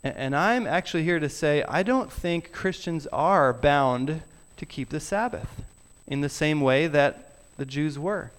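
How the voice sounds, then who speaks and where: Pastor, male, unhurried sermon delivery, smooth and clear, softens on key words. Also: fairly high pitch, lively intonation. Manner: earnest, drops to soft emphasis on key words. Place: church sanctuary.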